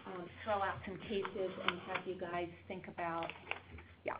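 A woman's voice: fairly low pitch, flat delivery, a little slow, heavy background noise. A woman pediatrician giving an informal workshop talk to parents, telling case stories in a chatty way with frequent ums. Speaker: developmental pediatrician presenting a workshop. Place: meeting room with a small audience. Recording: dull lo-fi room recording.

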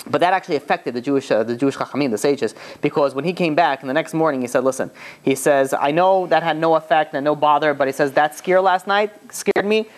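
A man who is a rabbi speaks fast in a voice on the high side, telling a story as a loose, conversational lecture. He retells it with energy, acting out the characters' quoted lines and often saying "you know."

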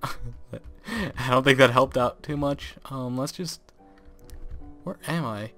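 A man's voice: mid-range voice, takes it slowly, a bit bright, faint music behind. A young man narrating his gameplay into a desk microphone, exasperated and profane, often swearing and laughing at what happens. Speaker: gaming video host. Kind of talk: let's play commentary. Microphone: desk microphone, close.

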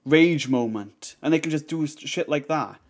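A man's voice: a little high, moderate pace. A man reacting to a video, heated and swearing, rambling with lots of fillers. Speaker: reaction streamer. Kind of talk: reaction commentary.

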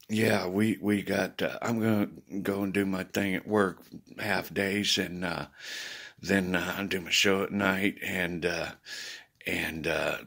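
A man talking casually to viewers, rambling with many restarts and swinging between worried and loud. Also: deep voice, creaky, slightly rough. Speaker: video blogger.

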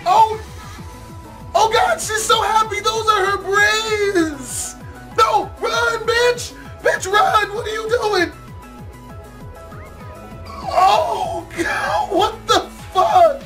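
A man hosting a reaction video, shouting profane exclamations and laughing as he comments. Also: extremely high pitch, extremely slow, pauses often, soft background music.

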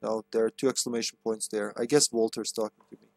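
A man's voice: on the low side, fairly even intonation, fast, gravelly, dry recording. Joking, cursing male game streamer. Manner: joking, swearing, reads on-screen text aloud. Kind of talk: casual gameplay commentary.

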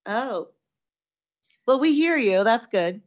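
A woman moderating an online event, briskly introducing the next speaker. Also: a little high, lively intonation.

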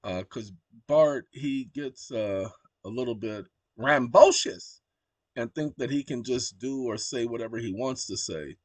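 A man's voice: medium pitch, unhurried, dry recording. A man hosting his own channel, talking casually as he walks through a screen share and dictates commands aloud to a voice assistant at his computer. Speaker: channel host.

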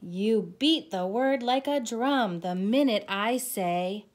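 A woman hosting a children's storytime, reading a bedtime picture book aloud in an expressive, gentle way and inviting the kids to join in. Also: medium pitch, takes it slowly, few pauses.

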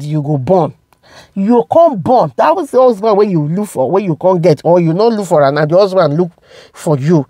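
A woman's voice: lowish voice, dark tone, no echo, clean studio sound. A woman with a Nigerian accent talking to her viewers about celebrity gossip, emphatic and repeating words for stress. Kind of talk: casual commentary to viewers.

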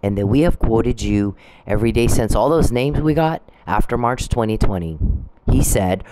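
A man's voice: fairly low pitch, animated, normal speed, dark tone, a little hiss or hum. A man ranting angrily and accusingly in a profane monologue. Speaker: vlogger. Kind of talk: angry monologue.

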